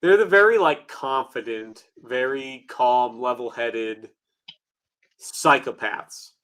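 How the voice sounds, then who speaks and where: A man's voice: mid-range voice, slow, a bit bright. A man chatting casually, drawing out words and dropping joking asides. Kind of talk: casual chat.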